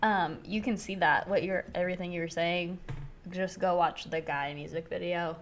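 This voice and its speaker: A woman's voice: fairly low pitch, fairly even intonation, normal speed, a little hiss or hum. A young woman co-hosting a casual podcast, chatty and jokey, laughing often. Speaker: podcast co-host. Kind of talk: casual chat.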